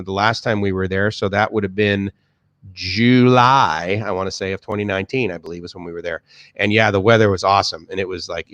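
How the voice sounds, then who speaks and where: A man's voice: lowish voice, fairly bright tone, dry recording. A man from the Boston area with a Boston accent, chatting casually on a live stream, reading viewer comments and rambling with many restarts and fillers. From Boston area, USA. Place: home, in Bangkok.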